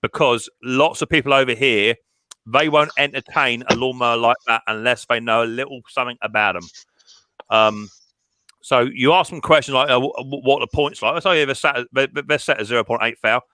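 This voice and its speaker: A man hosting a casual live stream, chatty and quick to stumble over his own restarts. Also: medium pitch, fairly even intonation, sharp tone, poor audio.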